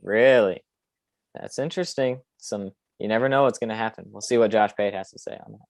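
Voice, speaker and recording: A man's voice: on the low side, a little fast, creaky, darkish tone, dry recording. A young man hosting a casual sports podcast, opinionated and rambling with lots of fillers. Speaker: podcast host.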